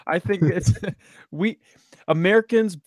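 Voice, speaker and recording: A man's voice: sits high, takes it slowly, a little mellow, no echo. A man co-hosting a casual podcast, ranting bluntly with profanity. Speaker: podcast co-host.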